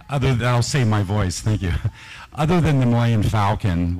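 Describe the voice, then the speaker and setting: A man's voice: darkish tone, poor audio. A man presenting new toys at a convention panel, talking with enthusiasm and lots of fillers. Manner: enthusiastic product pitch with frequent fillers. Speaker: toy designer presenting products.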